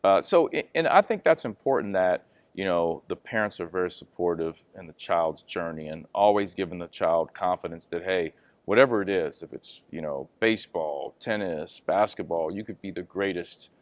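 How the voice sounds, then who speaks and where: Low-voiced male interview host, dry sound. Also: expressive, moderate pace, few pauses, no echo. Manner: encouraging, conversational questioning. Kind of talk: interview questions.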